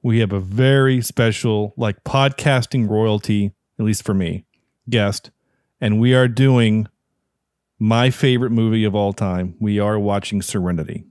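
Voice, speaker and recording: A man's voice: on the low side, steady tone, unhurried, darkish tone, smooth, no echo, studio quality. Enthusiastic man hosting a podcast. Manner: enthusiastic, rambling with restarts. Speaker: podcast host. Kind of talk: casual chat.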